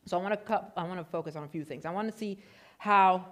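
A man from Puerto Rico preaching a sermon, excitable and prone to getting loud, telling stories with self-deprecating humor. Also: high voice, fast. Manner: excitable, gets loud when animated. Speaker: pastor.

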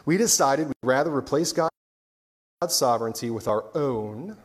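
A male pastor gives a relaxed, joking sermon at a middle pitch. He talks as if he were chatting with friends and drops "right?" after almost every point. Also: normal speed. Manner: conversational, keeps asking "right?"; joking asides, restarts. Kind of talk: casual sermon.

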